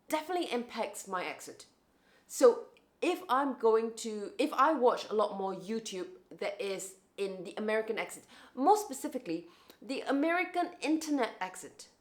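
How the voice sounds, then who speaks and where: A young woman with an international English accent talks to camera in a relaxed vlog. She muses aloud, circling back and restarting phrases as she goes. Her pitch sits in the middle of the range. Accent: international English, shaped by years in Hong Kong. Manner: chatty and reflective, with frequent restarts and rising emphasis. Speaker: vlogger. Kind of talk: casual talking-to-camera vlog.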